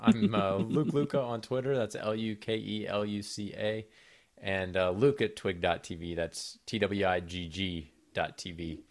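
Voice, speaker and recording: Low-voiced easygoing podcast co-host, a man. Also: a little slow. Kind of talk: casual tech podcast chat.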